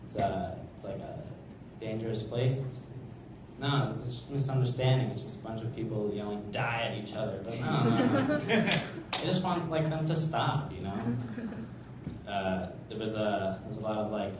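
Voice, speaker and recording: With a voice on the low side, expressive and at normal speed, a young man performs stand-up at a club, rambling and using lots of fillers. It's recorded from far away in an echoey, noisy space.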